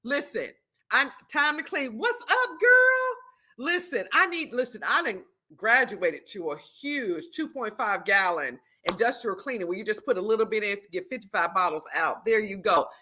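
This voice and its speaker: A middle-aged woman hosting a live stream, teaching and greeting viewers by name in an animated, preacherly way. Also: mid-range voice, moderate pace. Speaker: livestream host and prophetess.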